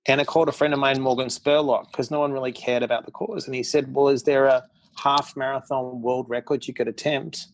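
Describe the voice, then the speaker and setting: Telling his story as a podcast guest in a casual interview, this middle-aged man is blunt, candid and unpolished, performing others' quoted lines as he goes. His pitch is ordinary, his intonation fairly even, and he talks a little fast.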